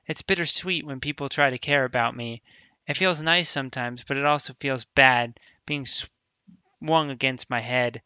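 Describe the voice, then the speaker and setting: A quietly sad teenage schoolgirl from a visual novel, cheerful on the surface and hiding depression inside, read aloud by a man in his own bright, smooth voice. She speaks softly and in a subdued way, close to the mic in a dry, dead space. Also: medium pitch, measured pace, dry recording, dull audio.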